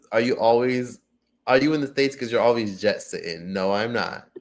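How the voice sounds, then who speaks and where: A man hosting a casual livestream and reading viewer comments. He is profane and excitable, with loud outbursts that drop to low mutters. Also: normal speed. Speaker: livestream host.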